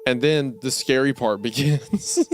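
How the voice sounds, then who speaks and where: A man's voice: medium pitch, measured pace. A young man on a comedy podcast, reading a creepy story aloud and often laughing partway through his sentences. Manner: laughs often, breaks into giggles mid-sentence. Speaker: podcast co-host.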